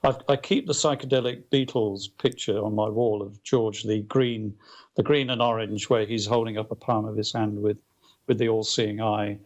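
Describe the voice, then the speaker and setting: A male author as a guest, telling anecdotes in a casual interview, animated, with many restarts and fillers. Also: lowish voice, moderate pace, lo-fi sound.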